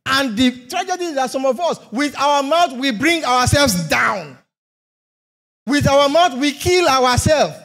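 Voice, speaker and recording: A man's voice: very high voice, lively intonation, a little slow, a bit bright. A man preaching a sermon, emphatic, asking rhetorical questions and repeating phrases for effect.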